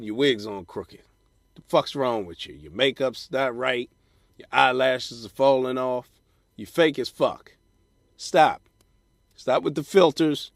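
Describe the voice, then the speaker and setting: A man hosting a comedy podcast alone, ranting profanely from his car in a parking lot and mocking people in a high falsetto. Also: no room sound. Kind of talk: solo comedy podcast rant.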